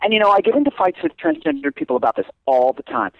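A man who teaches acting, talking in a casual interview with an animated, emphatic manner. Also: fast. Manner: animated, emphatic, swoops up and down in pitch. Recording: dull lo-fi recording.

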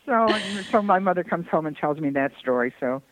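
A man's voice: a little high, expressive, fairly quick, no room sound, phone-quality sound. An older man from Detroit telling long, rambling anecdotes as a podcast guest, breaking into laughter now and then. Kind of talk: podcast conversation, storytelling.

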